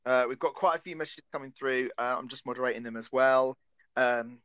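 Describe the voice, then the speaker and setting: A man's voice: medium pitch, brisk, a bit bright, clear, resonant tone, dry recording, muffled recording. A man co-hosting a casual podcast chat, rambling and self-deprecating. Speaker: podcast co-host.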